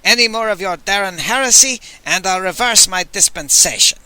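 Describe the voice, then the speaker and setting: A booming, hot-tempered alien priest-king, played by a man shouts orders in a high, sharply bright voice that swings up and down wildly. He bellows every line with overbearing rage. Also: animated, moderate pace, smooth, dry recording, heavily acted. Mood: blustering. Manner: bellowing, roaring commands.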